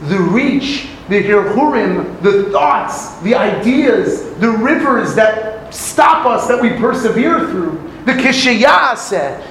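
High-voiced man preaching in an echoey room. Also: a bit bright, a little hiss or hum. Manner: dramatic storytelling with acted quotes and Hebrew phrases. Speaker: rabbi teaching Talmud. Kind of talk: sermon.

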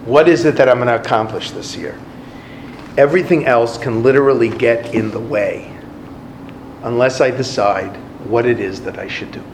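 A man giving a sermon as a religious teacher, telling a parable in an animated, conversational way. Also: mid-range voice, normal speed. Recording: very echoey room, faint noise.

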